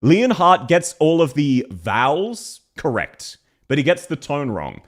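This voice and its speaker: Aussie streamer guy, chatty and self-deprecating, lively up-and-down pitch, casual and sweary. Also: unhurried. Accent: Australian. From Australia. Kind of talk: casual live-stream chat.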